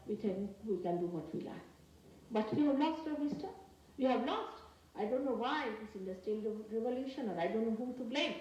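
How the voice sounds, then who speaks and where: A woman from India with an Indian English accent giving a spiritual lecture, earnest and emphatic, speaking in slow, halting phrases. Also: medium pitch, a little mellow. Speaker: spiritual teacher. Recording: very echoey archival talk from a distance with faint noise.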